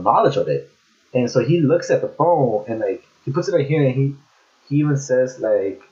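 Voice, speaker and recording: A man's voice: fairly low pitch, a little mellow. A young man vlogger casually telling rambling stories from his cashier job, full of restarts and fillers. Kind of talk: casual storytelling. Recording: dull lo-fi audio.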